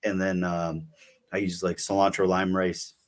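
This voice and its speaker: A man's voice: low-pitched, little pitch movement, measured pace. A young man co-hosting a podcast, telling a long story in casual chat full of fillers. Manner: rambling, filler-heavy storytelling. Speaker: podcast co-host.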